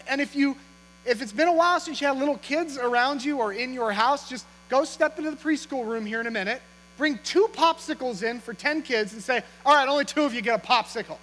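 A man's voice: very high-pitched, fairly bright tone. A man preaching to his congregation, talking in a conversational, humorous way and teasing them with questions. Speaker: pastor. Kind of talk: sermon. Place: church auditorium. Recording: long hall reverb with faint mains hum.

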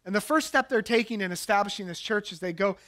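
A middle-aged pastor delivering a sermon with a high, light male voice. He talks like he's chatting with friends, building up to lively, animated storytelling when he recounts anecdotes. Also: fast.

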